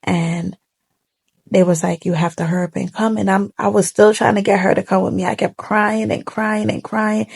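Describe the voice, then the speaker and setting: Young woman vlogging a sad story to her phone, gravelly fry in her voice, fighting back tears, talks real casual. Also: medium pitch, fairly even intonation, moderate pace, a little mellow. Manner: tearful, heartfelt, holding back tears; casual colloquial speech. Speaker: vlogger telling a personal story. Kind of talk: emotional storytime monologue. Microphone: phone camera facing the speaker.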